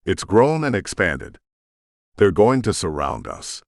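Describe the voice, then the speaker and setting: A man voicing a steady, matter-of-fact female soldier briefing on an attack in an audiobook. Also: deep voice, takes it slowly, vocal fry, dry recording, studio quality, heavily acted. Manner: steady, explanatory.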